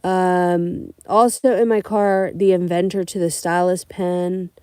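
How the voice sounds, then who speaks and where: A young adult woman from California, a rideshare driver, telling profane, animated stories on a casual livestream. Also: on the low side, slow, smooth, dry recording, studio quality. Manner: blunt, profane, animated storytelling.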